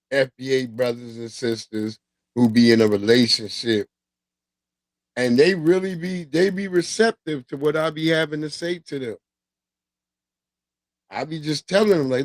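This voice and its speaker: A man's voice: a little high, normal speed, no room sound. Loose-talking, profane man streaming. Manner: loose, profane street talk with slang. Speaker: livestream host. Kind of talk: casual livestream talk.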